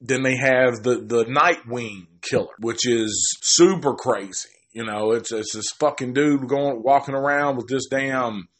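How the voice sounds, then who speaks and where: Male film reviewer, casual and profane, loose rambling delivery with a middle-pitched voice, and he jumps into characters' dialogue on the fly. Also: steady tone, fairly bright tone. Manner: rambling, swears heavily, restarts often; acts out characters' lines in quick quoted asides.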